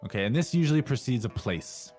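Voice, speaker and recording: A man with a mid-pitched voice co-hosts a language lesson. He talks casually, asks guiding questions, and has soft music behind him. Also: expressive, quick pace. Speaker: lesson co-host.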